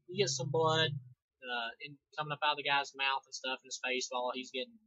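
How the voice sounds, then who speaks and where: A man's voice: mid-range voice, sharp tone, dry recording. Profane sarcastic young guy reviewing. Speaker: movie reviewer. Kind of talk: casual movie review. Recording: dull lo-fi home recording.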